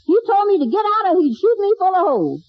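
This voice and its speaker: Excitable maid who calls everyone honey, a woman acting it, high and swoopy, dry dull old radio sound. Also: fast, dry recording, exaggerated voice. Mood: fussing. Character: fussy, devoted older maid, easily flustered woman. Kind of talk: 1940s radio sitcom acting.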